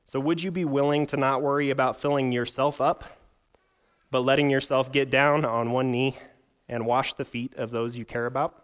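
A man's voice: medium pitch, steady tone, moderate pace, clean tone. A young adult man preaching a sermon, mixing scripture reading with a humorous personal story and rhetorical questions. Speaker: pastor.

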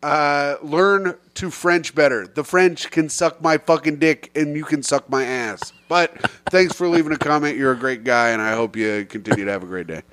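A man's voice: a little high, normal speed, hardly any pauses, fairly bright tone, dry recording. Crude joking male podcast host. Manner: crude, joking, reads listener comments aloud. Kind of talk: casual podcast chat.

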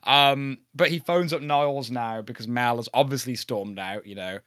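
A man in casual podcast chat, lively and quick, tossing in asides and quoted lines. His voice sits at a middle pitch, recorded close with a dry sound and no room around it. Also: clear, resonant tone, dry recording. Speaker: podcast co-host. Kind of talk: casual chat about a sitcom episode.

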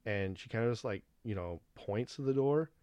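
Low-voiced man telling a rambling story. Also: moderate pace, no room sound. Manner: rambling, animated retelling with quoted dialogue. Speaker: podcast host. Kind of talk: casual storytelling monologue.

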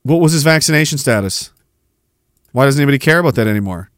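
A man's voice: medium pitch, lively intonation, fast talker, no room sound, studio quality. Sarcastic ranting male podcast host. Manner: sarcastic, mocking, laughs at own jokes. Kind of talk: casual ranting commentary.

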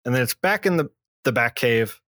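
A man's voice: expressive, brisk, a bit bright, no room sound, clean studio sound. A man co-hosting a podcast, casually recapping a comic book plot with lots of fillers and restarts. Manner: recaps plots loosely with many fillers and restarts; acts out character lines in a lower voice. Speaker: podcast co-host.

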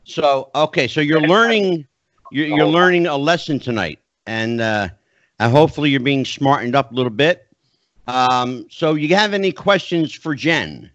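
Lively, animated man hosting a podcast. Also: on the high side, normal speed, no room sound. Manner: lively, talks straight up and self-deprecating. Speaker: podcast host. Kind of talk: casual podcast chat. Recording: dry, slightly dull video call audio.

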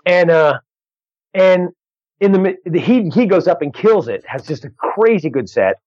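A man working as a stand-up comedian, telling a story in a casual, animated way, restarting phrases and acting out the people in it. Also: high voice, slightly rough, no room sound. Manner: animated, quick restarts, acts out other voices. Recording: dull lo-fi dry recording.

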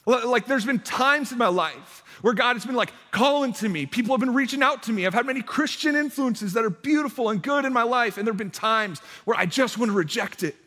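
A man's voice: extremely high pitch, lively intonation, fairly quick, few pauses, pushed and bright. Chatty young man preaching in a reverberant hall. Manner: chatty, self-deprecating, many fillers and restarts. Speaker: youth pastor. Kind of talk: casual sermon with storytelling. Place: church hall.

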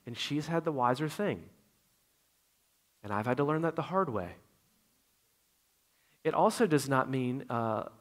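A middle-aged man preaching a sermon in a conversational way, swinging between loud emphasis and quiet asides. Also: medium pitch. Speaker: pastor.

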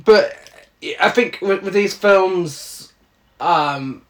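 A man's voice: high voice, drawn-out words, fairly bright tone. A man co-hosting a film podcast, chatting casually and joking easily. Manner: jokey, laughs easily. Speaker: podcast co-host.

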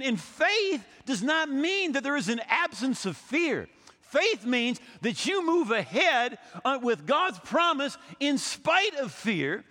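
A man's voice: extremely high pitch, pushed and bright, in a large hall. A man in his sixties, a pastor preaching a sermon, telling stories and acting out the people he quotes, often repeating his words as he goes. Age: 60s.

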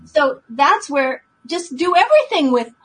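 A woman's voice: sits high, sing-song, unhurried, low-quality recording. A woman on a podcast talking earnestly and emphatically, like a coach explaining self-care. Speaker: podcast co-host. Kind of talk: casual chat.

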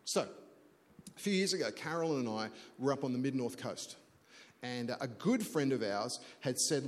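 A man's voice: mid-range voice, expressive, normal speed. A middle-aged man preaching a sermon as a pastor, chatty and self-deprecating, telling a story and often restarting words. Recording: long church hall reverb.

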